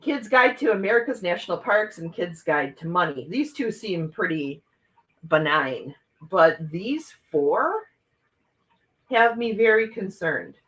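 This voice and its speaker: A woman's voice: medium pitch, lively intonation, unhurried, fairly bright tone, slightly rough, low-quality recording. A woman hosting a casual morning livestream, chatting with viewers and reading their comments aloud as she shows oracle card decks.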